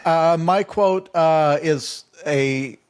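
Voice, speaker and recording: A man's voice: on the high side, drawn-out words, a little mellow, clear, resonant tone. A man co-hosting a comedy podcast, chatting casually with wry, joking asides. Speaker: podcast co-host.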